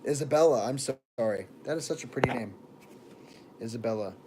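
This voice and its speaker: A man's voice: mid-range voice, fairly quick, noisy background. A young man from Texas and Florida, chatting casually on a livestream and greeting viewers by name. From born in Texas, raised in Florida.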